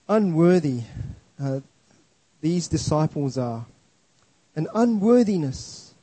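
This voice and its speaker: A man's voice: high-pitched, dark tone, husky, dry recording, low-quality recording. A man preaching a sermon in an earnest, emphatic way, often restarting his words.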